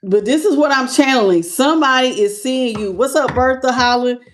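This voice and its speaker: A woman giving a live tarot reading, talking in an animated, conversational way and greeting viewers as they join. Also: high voice, normal speed, faint music behind. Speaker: tarot reader.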